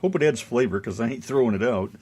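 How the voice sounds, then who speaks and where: A man co-hosting a casual radio talk show, animated and joking crudely. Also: medium pitch, fast, slightly rough. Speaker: co-host.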